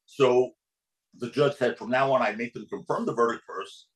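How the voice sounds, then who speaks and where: A man appears as a guest attorney on a podcast, telling a courtroom story and acting out its characters with big swings in pitch. He speaks at normal speed in an animated way, and the podcast studio recording is reverberant and of poor quality.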